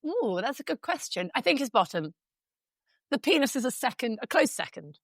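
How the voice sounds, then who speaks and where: A woman's voice: high-pitched, very animated, normal speed, gravelly, no room sound. A woman co-hosting a podcast, chatting frankly with a giggly, talkative manner. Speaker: podcast co-host. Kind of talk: casual chat.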